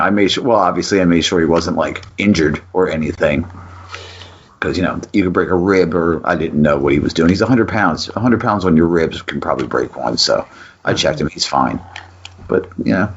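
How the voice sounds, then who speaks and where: A man with a deep voice spins a lively story on a podcast, cursing freely as he goes. The audio is muffled and lo-fi. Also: normal speed, breathy edge. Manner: animated storyteller, swears, acts out voices in quotes. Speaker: podcast co-host. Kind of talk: casual storytelling chat.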